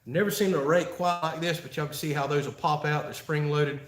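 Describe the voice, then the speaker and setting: A Florida man hosting a live-stream Q&A talks a little fast in a fairly high, steady-toned voice, with a slight hiss or hum on the audio. He fields chat questions folksily, laughing often, amid a roomy echo.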